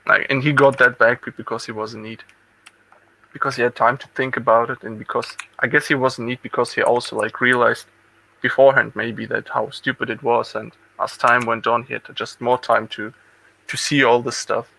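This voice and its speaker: A man from Germany chats casually in a group call with a gravelly, very bright and tense voice. He talks haltingly and starts his words over again. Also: mid-range voice, flat delivery, low-quality recording. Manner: hesitant, repeats words. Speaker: chat participant.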